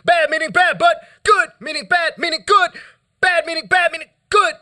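A man's voice: very high-pitched, fairly even intonation, moderate pace. Chanting, stammering poet, a man. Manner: rhythmic chanting with stuttered repetitions, hushes and sudden shouts. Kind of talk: live poetry reading. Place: hall.

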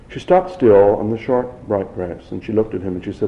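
Low-voiced man reading a novel aloud. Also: a little fast, roomy sound, highs cut off. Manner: unpolished reading with restarts. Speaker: reader.

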